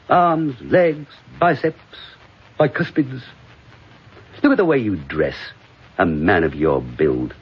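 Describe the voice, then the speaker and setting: An actor playing a drunk, bitter, washed-up middle-aged comedian in a stage monologue, rambling and sardonic, swinging from mutters to outbursts. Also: male voice, medium pitch, exaggerated voice. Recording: dull lo-fi recording.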